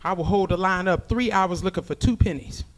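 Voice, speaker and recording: A woman's voice: fairly low pitch, a little fast. A woman doing stand-up comedy, brash and profane, talking to the crowd.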